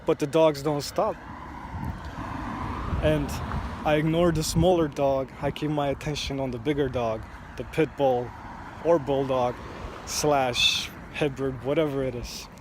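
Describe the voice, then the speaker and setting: Man, mid pitch, slow reflective vlog storyteller, faint street traffic behind. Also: fairly even intonation. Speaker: vlogger. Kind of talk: first-person storytelling vlog.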